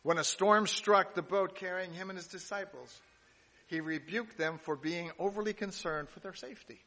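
A man's voice: a little high, pushed and bright, slightly rough. Man preaching in a reverberant hall. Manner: reads scripture aloud with pauses, asides and restarts. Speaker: pastor. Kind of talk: sermon.

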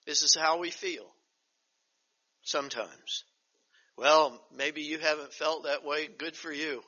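An older man teaching a Bible study as pastor, reading scripture slowly and emphatically, then breaking into chatty asides. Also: on the high side, fairly even intonation, sharp tone. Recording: dull lo-fi recording.

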